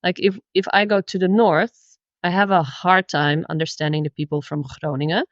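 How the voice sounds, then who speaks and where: A woman's voice: lowish voice, fairly even intonation, moderate pace, dry recording, muffled recording. A woman from the Netherlands with a Dutch accent, a language teacher, eagerly explaining as a guest in a casual interview.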